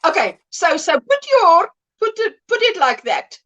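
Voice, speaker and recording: A woman's voice: very high-pitched, sing-song, measured pace, sharp tone. A middle-aged woman hosting a casual livestream chat, reading viewers' comments aloud and laughing often. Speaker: livestream host.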